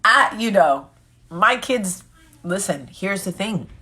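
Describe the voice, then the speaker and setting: A woman in her forties hosts a relaxed live vlog chat, reading viewers' comments aloud and answering them with candid, joking chatter. Her medium-pitched voice is slow, pushed and bright, with lively intonation and a breathy edge.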